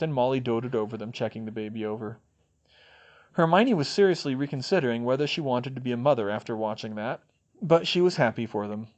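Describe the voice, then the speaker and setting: Male audiobook narrator, lively intonation, expressive. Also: mid-range voice. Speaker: audiobook reader. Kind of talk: fan fiction audiobook narration.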